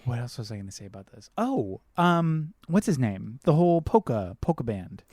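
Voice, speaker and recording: A man's voice: medium pitch, sing-song, normal speed, a little mellow, no echo, clean studio sound. A man co-hosting a podcast in casual film chat, earnest, repeating phrases as he thinks and acting out quotes. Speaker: podcast co-host.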